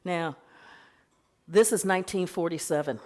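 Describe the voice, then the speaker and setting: A woman giving a keynote speech at a conference, telling history in a lively way and acting out the voices of the people she quotes. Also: fairly low pitch, normal speed. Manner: animated storytelling, acting out quoted voices, laughing. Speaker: keynote speaker. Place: conference hall.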